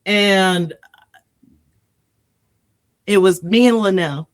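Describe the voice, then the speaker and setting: A woman, an improv comedian and podcast guest, telling animated, profane stories and acting out the people in them in casual chat. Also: medium pitch, drawn-out words, dry recording, clean studio sound. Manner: animated storyteller, acts out quoted voices, swears freely.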